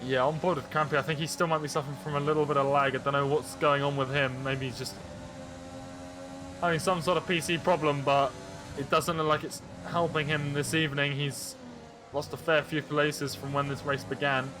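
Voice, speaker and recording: Man explaining an online race, a bit higher voice, music playing under. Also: little pitch movement, a little fast. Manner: analytical, follows onboard cameras. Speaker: race co-commentator. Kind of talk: sim-racing color commentary.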